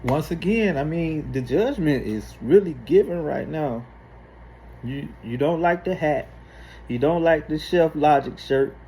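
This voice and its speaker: A man giving an emphatic, deliberate rebuttal in reaction commentary, speaking slowly like a preacher. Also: fairly high pitch, animated, mellow, a little hiss or hum, rough recording.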